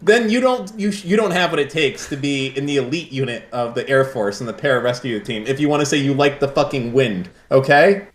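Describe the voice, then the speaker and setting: A man's voice: medium pitch, brisk, few pauses. A man hosting a call-in stream, talking bluntly, teasing the caller and swearing often. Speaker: host. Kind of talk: casual call-in chat.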